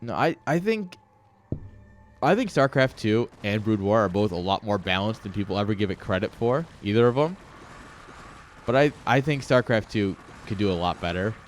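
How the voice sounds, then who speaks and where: A man casually commentating a live video game match, ranting and joking while chatting with viewers. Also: medium pitch. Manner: rambling, ranting, jokey, chats with viewers. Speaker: esports caster and streamer.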